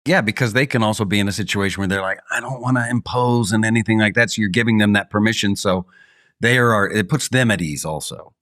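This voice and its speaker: A man's voice: on the low side, fast talker, a bit bright, no room sound, clean studio sound. A man co-hosting a podcast, a character actor talking in a playful, self-deprecating casual chat.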